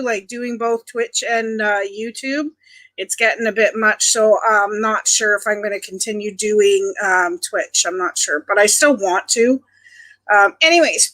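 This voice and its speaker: Chatty, bright-voiced woman from Ontario. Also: a little high. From Canada (Ontario). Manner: chatty, greets viewers by nickname. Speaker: livestream host. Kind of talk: casual chat with live viewers.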